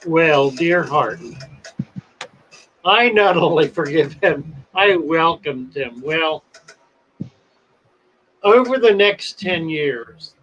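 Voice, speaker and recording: A man hosting a livestream who tells a long story in a drawn-out, dramatic way. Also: sits high, fairly bright tone, muffled recording. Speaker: pet shop owner and livestream host.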